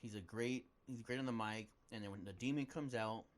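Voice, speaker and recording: Casual male podcast co-host, fast easygoing chat. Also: fairly low pitch. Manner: laid-back enthusiastic, says "dude" often.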